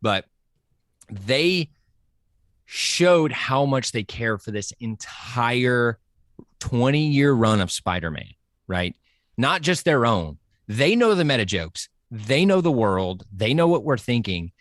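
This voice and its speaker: Man, excited movie talk, very lively pitch, dry close sound, acts out quotes. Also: slow pace, no room sound. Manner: animated, acts out movie lines, laughs often. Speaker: podcast guest.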